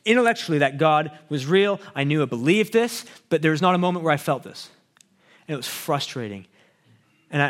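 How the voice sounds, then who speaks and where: A man's voice: medium pitch, fairly bright tone. A young man from Canada, a student pastor, telling a personal faith story in an earnest, conversational way with frequent fillers and restarts. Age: young adult. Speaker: pastoral student sharing testimony. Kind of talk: personal testimony talk.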